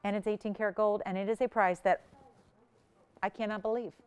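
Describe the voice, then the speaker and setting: Chatty woman shopping host, smooth voice. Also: mid-range voice, steady tone, fairly quick, a little mellow. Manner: chatty, laughs often, enthusiastic selling. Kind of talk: live shopping presentation.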